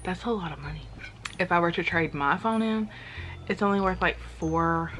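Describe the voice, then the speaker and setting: A woman's voice: fairly low pitch, normal speed, fairly bright tone, a little hiss or hum. A young woman, chatting casually to the camera in a rambling way, full of fillers. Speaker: vlogger.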